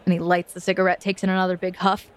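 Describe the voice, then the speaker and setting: A woman's voice: lowish voice, monotone, very fast. Brief: woman game master, playful, descriptive scene narration.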